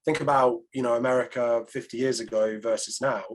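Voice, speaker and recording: A man's voice: medium pitch, steady tone, a little fast. A British man co-hosting a casual Bible podcast, speaking in an earnest, reflective way with frequent fillers. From Britain. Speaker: podcast co-host. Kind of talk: casual chat about the Bible.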